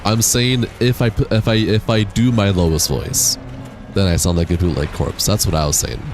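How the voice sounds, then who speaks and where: A man's voice: fairly low pitch, fairly even intonation, moderate pace, soft background music. A young man streaming a game, chatting casually, reading chat aloud and laughing often. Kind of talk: casual livestream chat while gaming.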